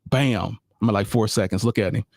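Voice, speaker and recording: On a live podcast about sports, the host speaks fairly quickly in a lowish, gravelly, slightly mellow voice. He's casual and laid-back, repeating phrases and addressing the audience directly as y'all, in clean studio sound with no room noise.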